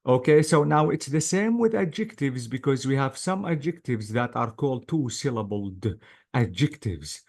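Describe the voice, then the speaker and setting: A man's voice: mid-range voice, lively intonation, normal speed, a little mellow. A male English teacher giving an online class lecture, patiently drilling words syllable by syllable.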